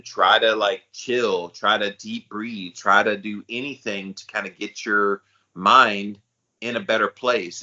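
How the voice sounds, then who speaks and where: A man co-hosting a podcast, talking in a relaxed, candid, slangy way in casual chat. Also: on the low side, muffled recording. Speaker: podcast co-host.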